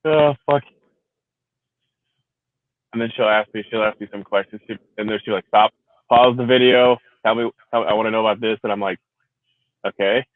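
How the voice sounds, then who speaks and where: A man's voice: on the low side, steady tone, normal speed, pauses often, dry recording. A man who is a Marine veteran hosting a casual livestream, rambling and swearing freely, laughing often. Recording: tinny phone-like sound.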